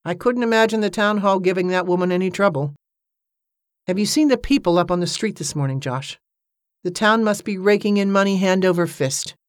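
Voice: mid-range voice, brisk, no echo, studio quality, natural voice. A narrator voicing a plain-spoken male police sergeant in an audiobook. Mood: matter-of-fact. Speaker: character in an audiobook.

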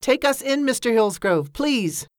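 A woman voicing a desperate, defiant young man who shouts and pleads. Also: on the high side, animated, measured pace, no room sound, studio quality, pitched above the performer's own voice.

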